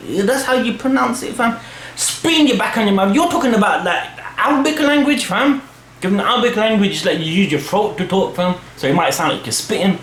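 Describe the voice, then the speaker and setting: A man's voice: high voice, lively intonation, normal speed, fairly bright tone. A young man, rambling casually in slang as he answers fan questions for his channel. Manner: slangy, rambling, full of "fam" and "you know what I mean". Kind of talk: casual chat. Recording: echoey room with faint hum.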